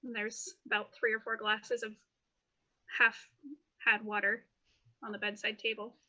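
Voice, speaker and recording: A woman narrating a tabletop game as game master, in animated, quick description sprinkled with fillers. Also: a little high, rough recording.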